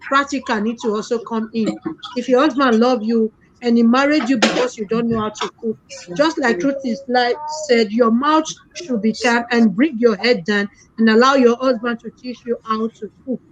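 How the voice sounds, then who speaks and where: A woman's voice: a little high, moderate pace. A woman hosting a casual live-stream chat, thanking callers and reading out viewer comments. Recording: dull lo-fi stream audio with faint noise.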